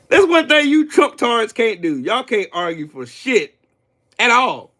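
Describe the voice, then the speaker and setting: A livestream host with an extremely high-pitched, fairly bright voice rants heatedly about politics. He taunts and trash-talks a viewer and laughs often.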